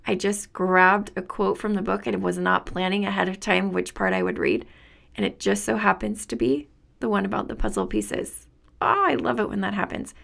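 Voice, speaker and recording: A woman's voice: mid-range voice, animated, moderate pace, gravelly, a bit bright. A woman hosting a spiritual podcast, talking in an earnest, enthusiastic way and laughing often. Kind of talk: reflective spiritual monologue.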